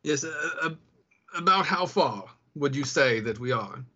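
A man's voice: fairly high pitch, expressive, a little slow, sharp tone, dull audio. A man playing a tabletop game, addressing a character politely and formally, often restarting his sentences. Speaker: player. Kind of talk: in-character tabletop role-play.

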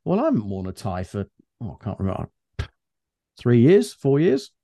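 Middle-aged man, co-host, chatty storyteller, dark mellow tone, dry close sound. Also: medium pitch, moderate pace, creaky, no echo. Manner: chatty, animated anecdotes with restarts. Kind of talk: casual conversational storytelling.

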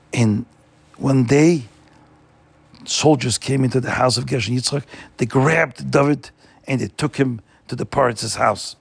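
A man telling a story in an animated, emphatic way, recorded dry and close. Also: mid-range voice, vocal fry, breathy edge, dry recording. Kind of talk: oral storytelling.

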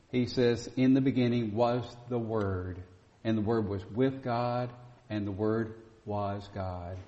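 A man's voice: medium pitch, darkish tone. A man preaching a sermon with an emphatic, repetitive cadence that rises for emphasis. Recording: dull sound with long reverb.

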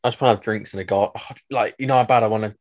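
Lowish dude joking around on a podcast, teasing his mate. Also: steady tone, very fast, lo-fi sound. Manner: playful, teasing banter. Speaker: podcast co-host. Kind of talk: casual chat.

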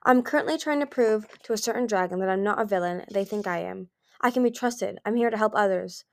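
A woman reading the part of an ancient male dragon who speaks gently and politely, with a quiet menace, in an amateur storybook reading. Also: mid-range voice, fairly quick, creaky, dry recording, lightly acted. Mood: calm.

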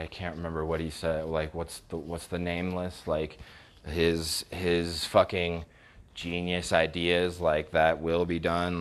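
A man ranting casually about text messages he received, swearing heavily and scornfully, often stumbling and restarting his sentences. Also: low voice. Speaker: vlogger recounting text messages. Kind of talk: casual storytime rant.

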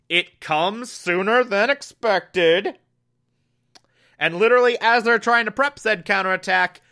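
A man's voice: a little high, sharp tone. A young man casually reviewing a TV episode, enthusiastic and rambling, with lots of fillers and mild swearing.

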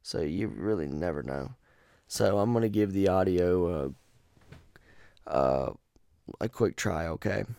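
A man with a very deep voice rambles through a casual podcast chat, swearing freely and joking around. The sound is dry and close, with no room in it. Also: measured pace, gravelly, long pauses, warm tone, dry recording. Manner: rambling, profane and jokey. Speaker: podcast host. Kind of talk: casual chat about a horror game.

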